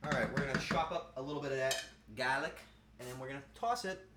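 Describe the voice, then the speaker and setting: A man's voice: mid-range voice, steady tone, fast talker. A man cooking on a live stream, chatting playfully and answering his chat as he goes. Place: home kitchen. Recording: roomy kitchen with faint noise.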